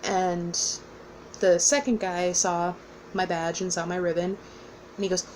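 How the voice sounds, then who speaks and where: A woman's voice: lowish voice, little pitch movement, unhurried, a little mellow, slight background noise, rough recording. A young woman casually telling a personal story, rambling with fillers and laughing often. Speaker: vlogger.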